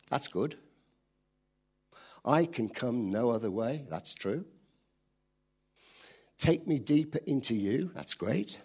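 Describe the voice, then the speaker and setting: A man preaching a sermon in a lively, animated storytelling way, acting out voices as he goes. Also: medium pitch, takes it slowly, long pauses, husky.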